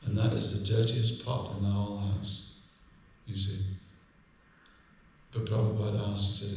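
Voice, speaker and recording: Low flat-voiced guy telling funny little stories in a temple class, far off mic, big echoey room. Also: moderate pace, vocal fry, slight background noise. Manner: anecdotal, gently humorous. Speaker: visiting speaker giving a temple class. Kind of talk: devotional class with storytelling. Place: temple hall.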